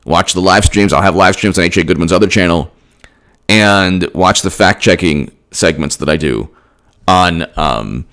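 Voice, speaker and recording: Deep-voiced guy doing a political vlog rant, lots of restarts. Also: moderate pace, fairly bright tone. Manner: emphatic, rambling with frequent restarts. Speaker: political commentator. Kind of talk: solo political commentary vlog.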